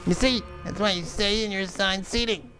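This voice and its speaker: A man hosting a movie reaction video, swearing and talking back at the screen in casual, excitable commentary. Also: high-pitched, a little fast. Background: film soundtrack music.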